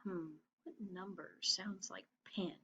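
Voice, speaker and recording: A woman teaching preschoolers, reading a picture book aloud and slowly coaxing them to find rhyming words. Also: fairly low pitch, steady tone, sharp tone, lo-fi sound, slight background noise. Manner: slow, encouraging, coaxing children to find rhymes. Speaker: pre-K teacher. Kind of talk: children's read-aloud lesson.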